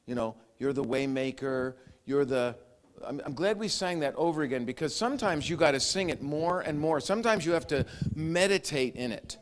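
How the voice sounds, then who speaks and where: A middle-aged man preaching a sermon, acting out voices and quotes, shifting from loud commands to near whispers. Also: fairly high pitch, fairly quick, hardly any pauses. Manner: animated preaching, acts out quotes, growls and laughs. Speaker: pastor.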